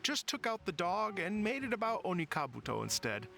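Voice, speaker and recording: A calm, earnest festival musician. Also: male voice, sits high, fairly quick, gravelly, heavily acted. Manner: calm, earnest, announcer-like on stage. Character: gentle male musician organizing a rock festival. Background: game music.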